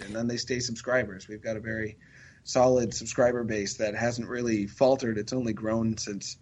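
A chatty man talking casually on a podcast, easygoing and self-deprecating, with a voice of middling pitch. The recording sounds dull and lo-fi. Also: normal speed, fairly bright tone. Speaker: podcast co-host and magazine writer. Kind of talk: casual chat.

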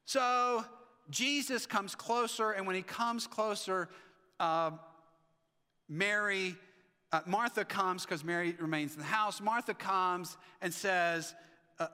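A male pastor preaching with animated energy, acting out the voices of the figures in his story. His voice sits high and bright. It rings out with a long reverb in a church sanctuary. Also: unhurried. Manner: animated, acts out the Bible figures' lines. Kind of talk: sermon.

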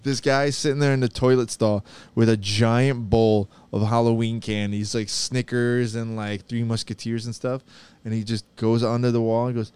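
Smooth-voiced man telling stories. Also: mid-range voice, level tone, moderate pace, a little mellow. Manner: laughs often, tells stories animatedly. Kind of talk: casual chat.

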